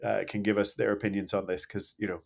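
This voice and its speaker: Man, low voice, podcast co-host, casual chat, hesitant and animated. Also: fast, gravelly. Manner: animated, hesitant, with frequent restarts. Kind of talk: casual conversation.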